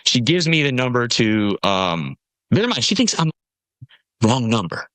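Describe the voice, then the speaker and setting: A man spins a rambling story as a podcast guest. His pitch swings widely as he mimics the people in it. The mic is close and the room sounds dry. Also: unhurried, dry recording. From Nashville, USA. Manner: animated storyteller, acts out quoted voices. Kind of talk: casual storytelling conversation.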